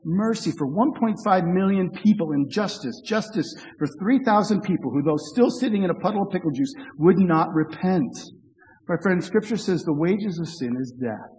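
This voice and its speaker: High-voiced preacher in a reverberant hall. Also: male voice, expressive, moderate pace, darkish tone. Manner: earnest, with humorous asides and restarts. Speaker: pastor. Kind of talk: sermon.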